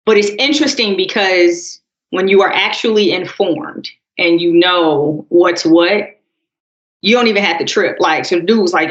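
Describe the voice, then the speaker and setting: Casting: woman co-host, calm storyteller, echoey, slightly dull podcast audio. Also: mid-range voice, moderate pace. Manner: calm, storytelling, addresses listeners as y'all. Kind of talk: casual political chat.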